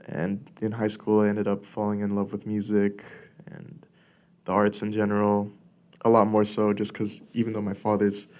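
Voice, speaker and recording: A young man from California hosting a casual solo podcast, rambling with lots of fillers and restarts, a little congested and clearing his throat. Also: lowish voice. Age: young adult. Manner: rambling, filler-heavy with many likes and restarts. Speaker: podcast host. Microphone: studio podcast mic.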